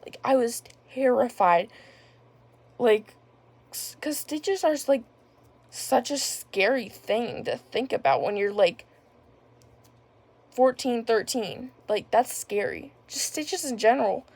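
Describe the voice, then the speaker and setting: A woman's voice: fairly high pitch, animated, slow, long pauses, a little mellow, slightly rough. A young woman casually telling a personal story on her vlog, rambling with lots of filler words. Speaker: vlogger.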